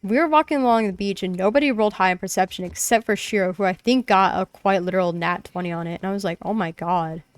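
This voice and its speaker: A woman's voice: mid-range voice, fast, hardly any pauses, clean tone. Chatty young woman recapping a tabletop game. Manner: rambling storytelling, many fillers. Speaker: streamer. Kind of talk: casual chat while gaming.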